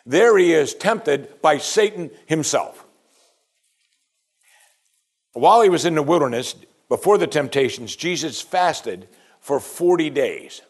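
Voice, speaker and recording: A man preaching a sermon, reading scripture aloud and asking pointed questions, often dropping to a hushed voice on key points. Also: on the high side, animated, takes it slowly, pauses often, husky.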